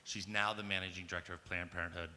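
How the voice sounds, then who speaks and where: A man's voice: low voice, level tone, very fast, bright, forceful tone. A man in his thirties from the United States gives a personal storytelling talk at a conference. He speaks casually, swears, and leans on "like" and "um" as he grows emphatic. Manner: casual and profane, heavy use of "like" and "um". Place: large conference hall. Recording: long hall reverb with faint ambience.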